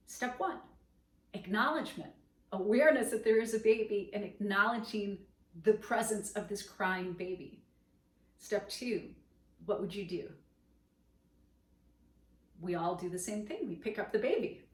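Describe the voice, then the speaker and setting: A woman yoga teacher speaks in an unhurried, gentle, reflective way, letting her words settle. Her voice sits a little away from the mic, with a roomy echo around it. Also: medium pitch. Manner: slow, gentle, reflective teaching with soft closing blessings. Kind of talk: spoken dharma talk. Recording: echoey room, voice from a distance.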